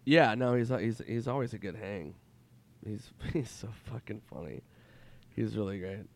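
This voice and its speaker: A man telling stories as a guest comedian in casual chat, animated and profane. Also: fairly low pitch, normal speed, creaky, slight background noise.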